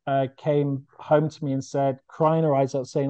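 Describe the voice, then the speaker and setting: A man's voice: mid-range voice, flat delivery, moderate pace, warm tone, dry recording. A man, a charity founder, telling his story earnestly and with feeling in a podcast interview, often restarting his sentences. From United Kingdom.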